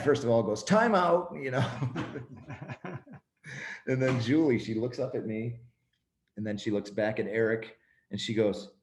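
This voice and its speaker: A man tells a funny story in a relaxed, animated way, breaking into laughs. His voice sits a little low. The room around him rings with echo. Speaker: motivational speaker guest. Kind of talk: casual storytelling chat.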